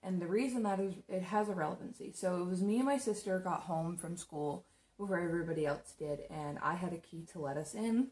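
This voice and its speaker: A woman's voice: fairly low pitch, fairly quick, darkish tone. A young woman chatting casually as she tells a story while doing her makeup, rambling with lots of fillers and restarts. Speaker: makeup vlogger.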